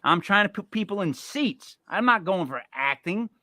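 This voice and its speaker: Animated, joking podcast host man. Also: high-pitched, normal speed, no echo, studio quality. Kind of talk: casual comedic chat.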